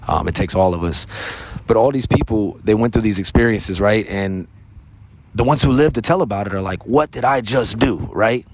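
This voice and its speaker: An American man hosting a podcast, speaking in an earnest, casual monologue, often tagging his sentences with "man" and "right?". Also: sits low. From United States. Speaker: podcast host.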